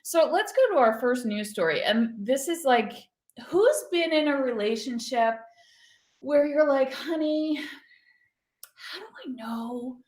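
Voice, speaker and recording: A woman hosting a casual online show, chatting through odd news stories with lively, joking asides. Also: sits high. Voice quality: animated, chatty, quick to laugh. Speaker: show host. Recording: roomy echo.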